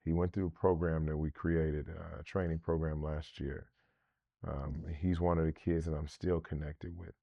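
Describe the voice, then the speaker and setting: A man hosting an interview, speaking in a calm, affirming, mentor-like way. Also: rumbling low, moderate pace, creaky, no room sound, lo-fi sound. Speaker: podcast host. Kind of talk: interview conversation.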